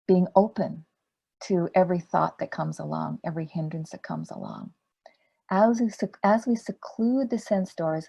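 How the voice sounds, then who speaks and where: A woman meditation teacher giving a dharma talk in a gentle, unhurried way, asking rhetorical questions. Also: fairly low pitch, vocal fry, slightly rough.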